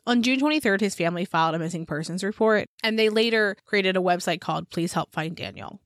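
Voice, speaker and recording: A woman's voice: medium pitch, fast talker, no echo, studio quality. A woman co-hosting a true-crime podcast, blunt and outspoken, swearing freely in casual chat. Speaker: podcast co-host.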